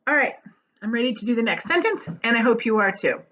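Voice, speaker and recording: A woman with a slightly high, somewhat bright voice talks fast, her pitch swinging widely as she patiently guides young students through a grammar lesson on video. She's encouraging throughout, and the recording sounds a bit dull and lo-fi.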